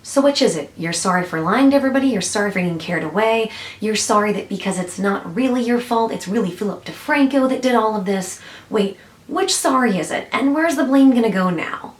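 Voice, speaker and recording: Woman vlogger, scornful reaction commentary, middle pitch, echoey room. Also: expressive, fairly quick. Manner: blunt, scornful, sarcastic.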